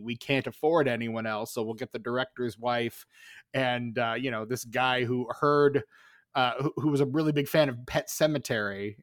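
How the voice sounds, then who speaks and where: A man's voice: medium pitch, no echo, clean studio sound. A man co-hosting a podcast, giving wry, chatty commentary on a film. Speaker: podcast co-host. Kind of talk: casual chat.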